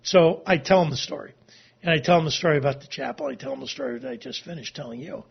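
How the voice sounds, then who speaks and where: A middle-aged man telling a long personal story as an interview guest, halting and emotional, sometimes tearing up. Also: high-pitched, very animated, creaky, slightly rough. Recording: dull lo-fi recording.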